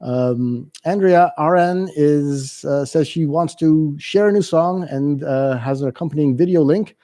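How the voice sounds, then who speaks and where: A man's voice: a little high, a little slow, warm tone, dry recording. A man hosting a community radio show, casually reading listener emails and introducing songs with frequent ums. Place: radio studio. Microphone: studio microphone.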